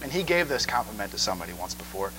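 A man preaching a sermon in an animated way, often checking in with listeners. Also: lowish voice, rapid-fire, noisy background. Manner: animated, asks the crowd 'okay?' a lot.

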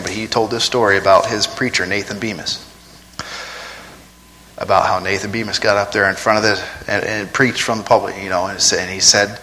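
A man's voice: lowish voice, bright, forceful tone. Man preaching in an echoing hall. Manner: conversational preaching with rhetorical questions. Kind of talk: sermon.

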